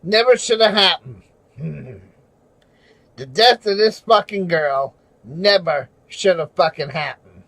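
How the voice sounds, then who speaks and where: A man ranting angrily on a livestream from home at night, swearing constantly and shouting. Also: a little high, animated, takes it slowly, creaky, no room sound, low-quality recording. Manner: furious, profane, shouting. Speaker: livestreamer and auditor. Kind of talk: angry livestream rant.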